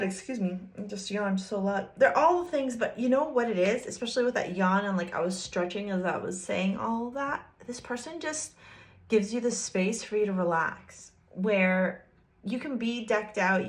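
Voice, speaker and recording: A woman giving a casual tarot card reading, chatty and playful, talking straight to the viewer with frequent giggles. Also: medium pitch. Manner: speaks directly to the viewer, teasing. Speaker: tarot reader.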